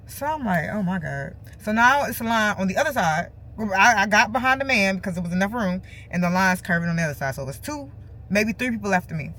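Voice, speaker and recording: A woman with telling a casual storytime vlog from her car, acting out other people's lines in an animated way. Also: mid-range voice, fairly quick. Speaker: vlogger. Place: parked car.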